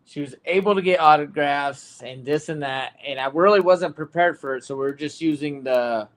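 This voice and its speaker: A man hosting a casual sports podcast, telling a story in an animated way with plenty of fillers. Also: a little high, moderate pace. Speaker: podcast host.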